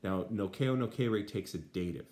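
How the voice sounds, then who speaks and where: A man's voice: on the low side, moderate pace, a little mellow. A man Latin teacher translating a textbook aloud, with many fillers and dry asides.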